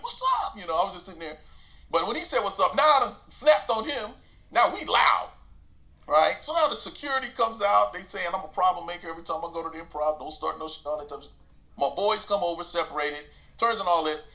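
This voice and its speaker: Animated man telling a street story. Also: high voice. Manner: animated, acts out quotes, laughs while telling. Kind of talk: casual storytelling.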